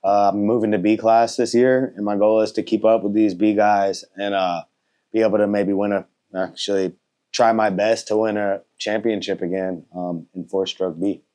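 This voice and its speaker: A thirty-year-old man with a very low voice talks easily in an interview. He is polite and laid-back, filling his answers with "um" and "uh" and letting sentences trail off. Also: moderate pace. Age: 30s. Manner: relaxed, polite, lots of fillers and trailing off. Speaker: motorcycle racer and content creator.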